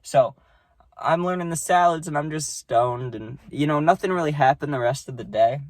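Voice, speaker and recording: A man's voice: fairly high pitch, moderate pace, no echo. A young man telling a story about his job in a casual, rambling way, swearing freely.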